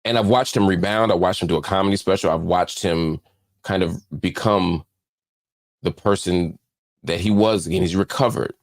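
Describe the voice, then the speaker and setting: A man hosting a political commentary show, talking with heated, preacher-like force and hammering phrases through repetition. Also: sits low. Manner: heartfelt, slower, subdued. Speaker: host.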